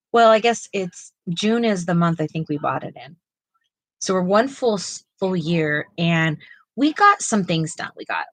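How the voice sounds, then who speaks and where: A middle-aged woman talks casually while painting on a live stream, rambling with fillers and restarts. Her voice sits on the low side. The sound is dry, with no room around it. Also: no room sound, low-quality recording. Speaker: co-host of live art stream.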